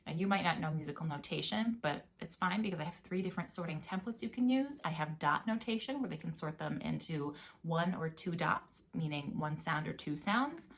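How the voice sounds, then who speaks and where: A woman's voice: low voice, expressive, brisk, few pauses. A young adult woman, a music teacher, giving a casual, chatty video lesson and chanting rhythm words now and then.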